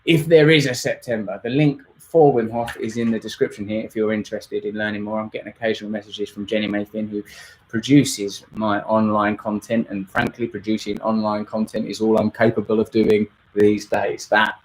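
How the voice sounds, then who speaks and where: A man's voice: lowish voice, little pitch movement, moderate pace. A man, hosting a rambling, jokey live-stream Q&A. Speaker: host.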